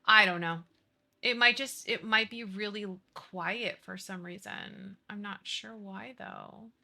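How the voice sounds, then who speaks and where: A woman's voice: mid-range voice, takes it slowly, vocal fry, bright, forceful tone. A young woman streaming live, chatting casually, swearing freely and apologizing as she fiddles with her settings.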